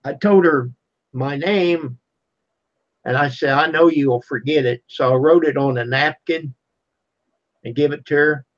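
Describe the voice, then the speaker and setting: A man's voice: fairly high pitch, unhurried, long pauses. A man who is a guest on a livestream, chatting casually in an easygoing way. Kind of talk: casual chat. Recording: dull lo-fi stream audio.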